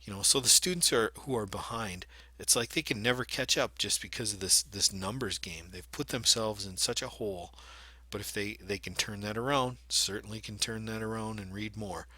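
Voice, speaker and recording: Male teacher, lowish pitch, very bright and forceful tone, dry close sound; explanatory delivery. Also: normal speed, no echo. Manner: explanatory, demonstrates by reading aloud. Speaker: reading teacher. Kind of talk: instructional video lesson.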